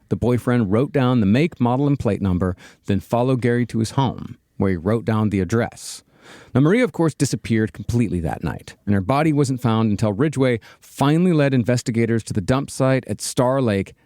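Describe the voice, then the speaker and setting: A man's voice: mid-range voice, warm tone, no room sound. A man hosting a podcast, reading a researched true-crime account with dry asides between co-hosts' banter. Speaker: podcast host narrating a true-crime case.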